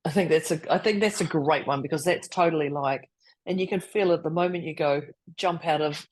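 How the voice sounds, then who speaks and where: Husky-voiced woman, lively and playful podcast co-host with a low voice. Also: fairly quick. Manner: animated, playful, laughs a lot. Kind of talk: casual podcast chat.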